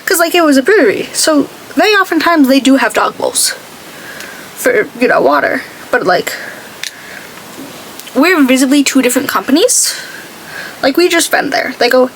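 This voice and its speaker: A woman's voice: sits high, sing-song, normal speed, gravelly, long pauses, a little hiss or hum, low-quality recording. A woman beauty vlogger chatting casually while she does her makeup, telling stories and acting out what other people said. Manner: chatty storytelling, acts out quoted people.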